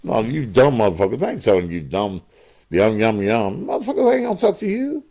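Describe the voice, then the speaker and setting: A man's voice: lowish voice, very animated, a little fast, dark tone. A man hosting a call-in show as a pastor, combative and profane, lecturing callers.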